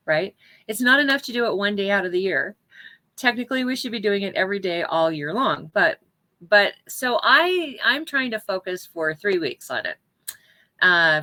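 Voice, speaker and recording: A woman minister talks through her sermon in a relaxed, conversational way, full of fillers and frequent laughter. Her voice sits on the lower side, with a bright, forward tone. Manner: chatty, laughs often, many fillers. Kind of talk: casual sermon. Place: at home.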